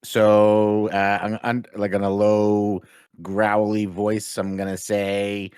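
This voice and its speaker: A man's voice: lowish voice, completely flat delivery, slow pace, a little mellow, clear, resonant tone, no room sound, clean studio sound. A man playing a monk in a tabletop game, playfully describing his moves. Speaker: player. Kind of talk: casual tabletop play.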